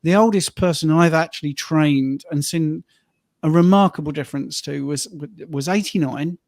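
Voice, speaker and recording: A man hosting a casual podcast chat and telling stories, lively when quoting people. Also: on the high side, moderate pace, dry recording. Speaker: host and fitness coach. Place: his own training and rehab room.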